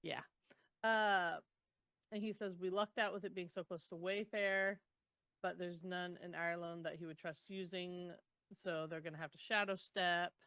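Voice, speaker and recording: A woman co-hosting a podcast, casually retelling book chapters with groans, laughs and animated quotes. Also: fairly low pitch, moderate pace, smooth, no room sound. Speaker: podcast co-host. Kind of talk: casual book recap chat.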